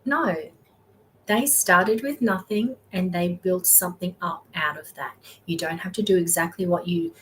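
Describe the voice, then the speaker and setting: A woman's voice: on the low side, normal speed, a bit bright, a little hiss or hum, poor audio. A woman hosting a live motivational talk on money mindset, coaching with encouragement and often checking in with "okay?" and "all right?". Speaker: wealth mindset coach and host.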